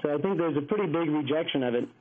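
A man's voice: fairly high pitch, rapid-fire. A man reporting from his street organizing, telling an anecdote in a rambling, casual way with many fillers. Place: Los Angeles, over a phone line. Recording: tinny phone line on radio.

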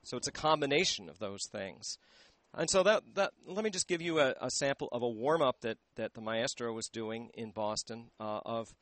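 A man, a voice teacher, explaining singing technique in a radio interview into a handheld microphone, pausing often to search for words. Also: mid-range voice, fairly bright tone.

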